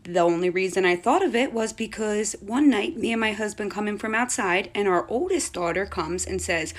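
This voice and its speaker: A woman recounts a ghost story from her own home in a loose, conversational way. She is chatty and animated and keeps adding asides as she goes, her voice sitting at an ordinary middle pitch. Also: normal speed, few pauses. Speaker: mother telling a personal ghost story. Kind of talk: casual storytelling to camera.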